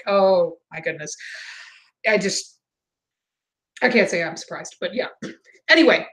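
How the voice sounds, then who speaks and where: A woman with a slightly bright voice runs a laid-back livestream, chatting and answering comments from viewers, occasionally mimicking others in exaggerated high voices. The audio quality is poor.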